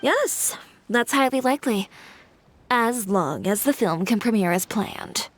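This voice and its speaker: A woman's voice: a little high, lively intonation, measured pace, a little hiss or hum. A woman voicing a cool, reserved young shop owner in a video game who speaks tersely. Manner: terse and guarded.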